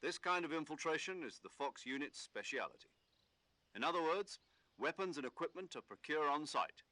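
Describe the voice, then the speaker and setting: A British military commander briefing his operative in a game cutscene. His delivery is crisp and instructive, with a bright, forceful tone. The recording is dry and close. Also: on the high side, animated, normal speed, dry recording. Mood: instructing. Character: commanding older male military officer on radio. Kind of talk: video game cutscene dialogue.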